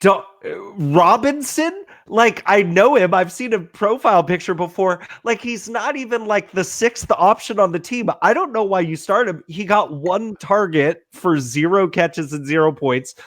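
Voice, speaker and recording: Slow-talking man ranting in mock outrage. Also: high-pitched, expressive, a bit bright, no room sound, studio quality. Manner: mock-outraged trash talk, profane. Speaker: podcast host. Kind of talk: casual chat.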